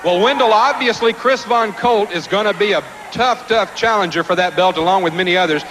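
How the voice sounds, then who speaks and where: A man's voice: high voice, fairly quick. Wrestling announcer man over noisy tape. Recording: noisy old TV recording.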